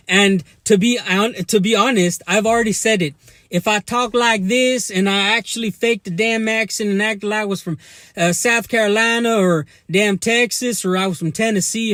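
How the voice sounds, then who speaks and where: A man's voice: high-pitched, fairly bright tone, no room sound, clean studio sound. A young man with a Mexican American accent, ranting back at commenters during a live stream, combative and mocking. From United States. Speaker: livestream vlogger. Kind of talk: live-stream rant to chat.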